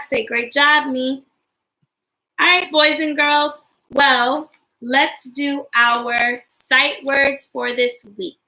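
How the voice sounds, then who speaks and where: Sing-song teacher woman, high and bright. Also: vocal fry, rough recording. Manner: slow, sing-song, encouraging teacher talk to young children. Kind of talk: classroom lesson livestream.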